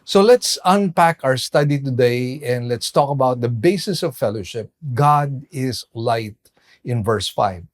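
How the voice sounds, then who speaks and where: A male pastor giving a measured sermon, pausing for emphasis as he explains scripture. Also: mid-range voice, animated. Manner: slow, measured preaching with emphatic pauses.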